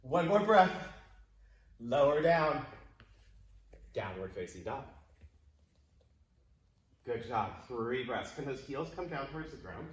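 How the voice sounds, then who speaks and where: A man's voice: mid-range voice, very animated, slow pace, long pauses. A man leading a yoga class for children, giving playful, encouraging cues. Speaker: kids yoga instructor. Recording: echoey room, mic at a distance.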